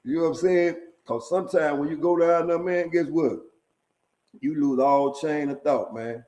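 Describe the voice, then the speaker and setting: Middle-aged storyteller, streetwise and profane, mellow dark voice, leans on "man" and "right?" between lines. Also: fairly high pitch, moderate pace, rough recording. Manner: chuckles at his own stories. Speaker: storyteller sharing prison stories. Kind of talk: casual storytelling monologue.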